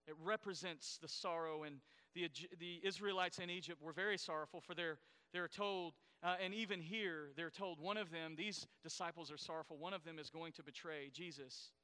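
Male pastor, high bright voice, smooth and clear, explains things to the congregation, church hall with long reverb. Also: moderate pace. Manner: explanatory, asks the congregation questions. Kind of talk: sermon.

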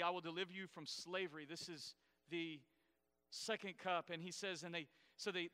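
Male pastor, high bright voice, smooth and clear, explains things to the congregation, church hall with long reverb. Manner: explanatory, asks the congregation questions. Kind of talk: sermon.

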